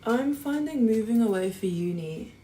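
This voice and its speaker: A woman's voice: a little high, expressive, moderate pace. A young woman in her twenties, chatting casually to viewers while she cooks. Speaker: student vlogger. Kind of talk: casual chat while cooking. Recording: loud background noise.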